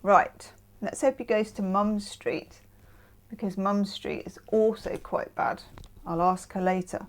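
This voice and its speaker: A woman's voice: mid-range voice, fairly even intonation, unhurried, a little hiss or hum. A woman from the UK hosting a casual tarot reading, chatting with self-mocking asides. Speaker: tarot reader.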